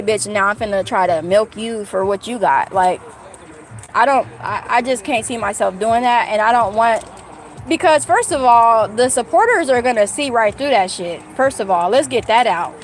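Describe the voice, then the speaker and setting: A woman's voice: on the high side, a little hiss or hum. A woman from California chatting casually with her livestream viewers, candid and rambling, full of fillers and restarts. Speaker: YouTuber talking to live chat.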